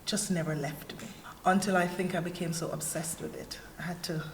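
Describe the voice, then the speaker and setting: In an echoey church hall with faint ambience, a woman with a Jamaican accent shares a candid, earnest personal testimony as a panelist. Her voice sits on the low side and moves a little fast, with a slight hiss or hum in the audio. She tells her story in an animated, heartfelt way.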